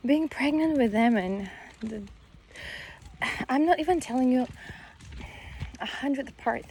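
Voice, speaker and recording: A woman's voice: fairly high pitch, unhurried, pauses often, dark tone, slight background noise. A mother talking casually to her viewers while pushing a stroller along a country road, a little out of breath and rambling with many fillers. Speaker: vlogger, mother of five. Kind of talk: casual vlog talk while walking.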